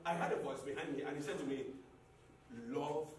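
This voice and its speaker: A man preaching a sermon as a pastor, repeating phrases and building up to shouts. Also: fairly high pitch, steady tone, a little fast, slight background noise. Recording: echoey hall, mic at a distance.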